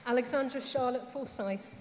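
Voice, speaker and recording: A woman presenting graduates at a ceremony, reading names aloud in a measured, formal way. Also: sits high. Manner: measured, formal, briefly emotional. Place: large hall with audience. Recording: echoey hall, crowd noise.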